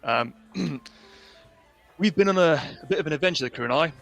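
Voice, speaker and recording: A man's voice: on the high side, lively intonation, fairly quick, vocal fry, a bit bright, soft background music, pitched above the performer's own voice. A man voicing a boisterous, swearing male pirate quartermaster who greets old crewmates in hearty, matey speech. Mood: friendly.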